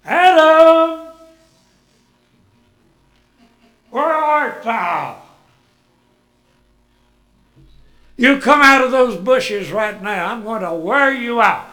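A preacher voicing an angry God calling Adam out of hiding with threats. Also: male voice, very high voice, expressive, takes it slowly, pushed and bright, reverberant, pitched above the performer's own voice, exaggerated voice. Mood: stern. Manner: threatening, raised voice.

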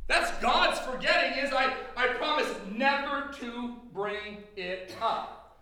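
Man preaching, booming drill-instructor shout, high bright voice, echoey hall from far off. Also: slow. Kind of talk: sermon. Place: church hall.

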